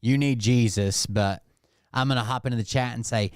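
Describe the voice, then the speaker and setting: A man's voice: mid-range voice, moderate pace, no room sound, clean studio sound. Sarcastic, profane male streamer. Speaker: commentary streamer. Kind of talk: casual live-stream commentary.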